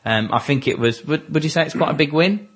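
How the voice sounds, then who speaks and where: A man's voice: a little high, fairly quick, husky. A man chatting on a tabletop gaming podcast, joking at his own expense and laughing often. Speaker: podcast regular. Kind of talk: casual chat among tabletop gamers.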